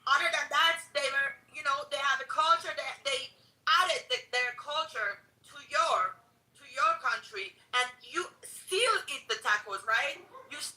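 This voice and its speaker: A woman's voice: high voice, a little slow, sharp tone, far from the mic, poor audio. Emphatic woman with broken English. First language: not English. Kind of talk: heated livestream debate.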